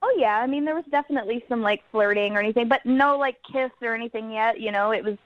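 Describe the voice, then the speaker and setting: A woman's voice: fairly high pitch, quick pace, dry recording. A woman calling into a radio show, telling her story in a chatty, giggly way over the phone. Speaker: caller. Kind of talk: phone-in chat. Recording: dull phone-line sound.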